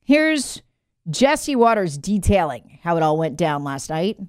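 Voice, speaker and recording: A woman's voice: on the low side, sing-song, measured pace, darkish tone, dry recording, studio quality. A woman hosting a political commentary show, talking in a sarcastic, opinionated way. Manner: sarcastic, mocks figures in put-on voices.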